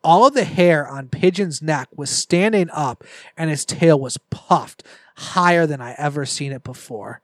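A man's voice: a little high, unhurried, a bit bright, no room sound. A man on a podcast reading a scary story aloud and breaking off for joking asides. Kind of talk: casual storytelling read-aloud with banter.

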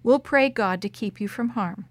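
A woman's voice: on the high side, moderate pace, dry recording, close to an everyday voice. A woman doing a worried, pious old mother. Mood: protective.

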